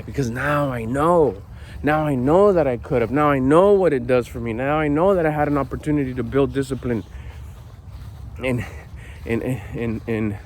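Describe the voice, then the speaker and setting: A middle-aged man giving a casual motivational talk outdoors at a park, blunt and animated, swearing freely. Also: mid-range voice, a little hiss or hum. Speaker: personal development vlogger.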